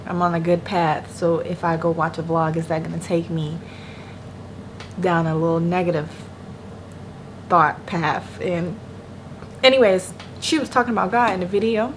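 A woman's voice: on the low side, steady tone, moderate pace, pauses often. A young woman chatting casually to her viewers from her bed at home, slangy and talkative, speaking to them as "y'all". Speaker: vlogger. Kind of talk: casual chat to camera. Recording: noisy room ambience behind voice.

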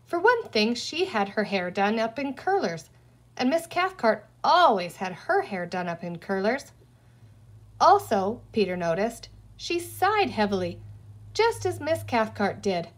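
A woman reading a children's novel aloud in an expressive storytelling voice. Her pitch sits a little high and moves a great deal, rising and falling through each sentence. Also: measured pace. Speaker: audiobook reader. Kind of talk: children's book read aloud.

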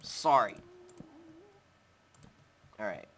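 A man's voice: extremely slow, background noise. A young man hosting a Minecraft let's play, chatting casually as he builds and talking to his in-game pet. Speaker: gaming channel host.

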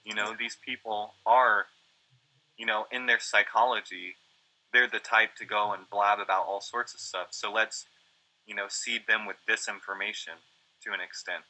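A man with a lowish voice and a very bright tone chats easily as a guest. He agrees readily and adds his own reflective thoughts. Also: little pitch movement, normal speed, poor audio. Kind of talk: casual chat.

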